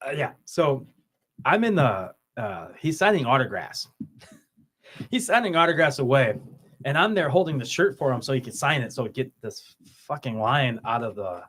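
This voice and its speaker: A man's voice: mid-range voice, lively intonation, normal speed, fairly bright tone, husky. A man telling stories in casual podcast chat, often laughing and acting out the voices of people he quotes. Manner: swears casually, repeats words. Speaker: podcast host.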